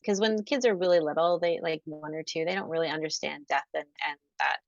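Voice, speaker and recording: A woman's voice: lowish voice, creaky, dry recording. Earnest woman guest, lo-fi dry audio. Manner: earnest and emotional, softening at sad moments. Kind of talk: personal storytelling in an interview.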